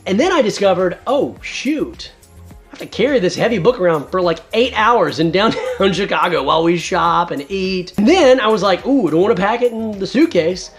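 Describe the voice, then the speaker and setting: A man in his thirties hosting a casual video review, talking enthusiastically. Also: high-pitched. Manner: enthusiastic, animated. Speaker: host.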